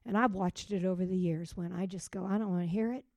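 A woman preaching a sermon with passion, swinging from loud rising calls to hushed, quiet drops. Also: lowish voice, steady tone, quick pace, no room sound. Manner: impassioned, with sudden loud rises and hushed drops.

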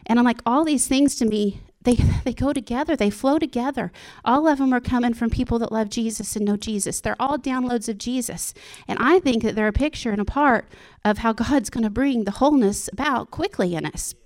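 Sharing a devotional in an informal sermon, a woman addresses her church in a voice on the high side and a little mellow, talking a little fast with few pauses. She's earnest and personal, often laughing and restarting her sentences.

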